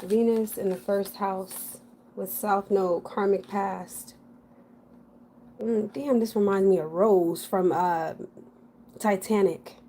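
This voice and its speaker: A woman's voice: mid-range voice, steady tone, slow pace, warm tone, slight background noise. Chatty woman giving a frank tarot reading. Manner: frank, chatty, thinking aloud with fillers. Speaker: tarot reader. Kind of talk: casual general tarot reading.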